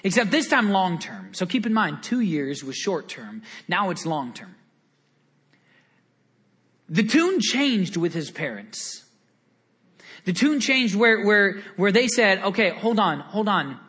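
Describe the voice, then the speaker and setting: High, bright-voiced man preaching. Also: slow pace, pauses often. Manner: earnest, animated storytelling with frequent repeated words. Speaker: pastor. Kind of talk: sermon.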